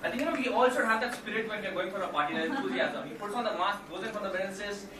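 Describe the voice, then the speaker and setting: A male stand-up comedian telling an animated routine to a live audience, with sudden loud impressions. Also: sits high, rapid-fire, hardly any pauses. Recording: echoey room from far off with noise.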